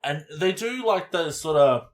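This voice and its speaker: A man's voice: on the high side, lively intonation, unhurried. A man, co-hosting a podcast and reviewing an album in casual, rambling chat with casual swearing. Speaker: podcast co-host.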